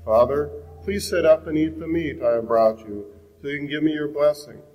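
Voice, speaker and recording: A man reading the part of a wronged elder son, a grown hunter, in a measured way. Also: on the high side, darkish tone, big-room sound, natural voice, rough recording. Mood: pleading.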